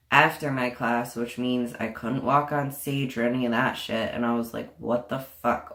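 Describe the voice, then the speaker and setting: A young woman telling a storytime vlog in a casual, profane and indignant way, full of sarcasm. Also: very deep voice. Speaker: vlogger. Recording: echoey room.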